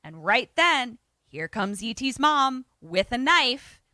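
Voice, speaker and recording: Bright-voiced woman recapping a film. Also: on the high side, slow, no echo. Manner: animated storyteller, acts out quotes, swears casually. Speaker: podcast co-host. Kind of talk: casual chat retelling a film plot.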